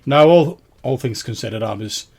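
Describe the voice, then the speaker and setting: A man voicing a weathered old ferryman with a pipe, talking in a halting, folksy way with stammers and fillers. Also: medium pitch, animated, darkish tone. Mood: wistful, folksy.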